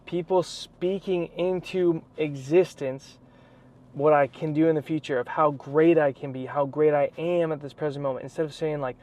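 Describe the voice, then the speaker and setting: A man vlogging in a casual, animated storytelling way, full of slang like bro and dude. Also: on the high side, normal speed. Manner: excited, animated retelling. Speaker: vlogger, athlete.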